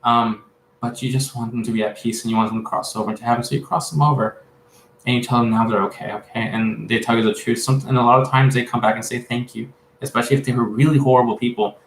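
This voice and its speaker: A man's voice: mid-range voice, fairly even intonation, creaky, slight background noise. A man giving a casual spiritual reading as a psychic medium. He rambles, halts often, and fills gaps with "um". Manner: rambling, halting, many fillers. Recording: echoey room.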